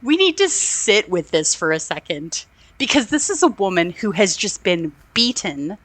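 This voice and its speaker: A woman of middle pitch talks through a movie on a podcast, fired up and indignant, slipping into quoted lines with playful put-on voices. Her voice is dry and close, with no room sound around it. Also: normal speed, no room sound. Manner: animated, indignant, acts out quotes in lively voices. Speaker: podcast co-host. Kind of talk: casual movie review chat. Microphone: remote call.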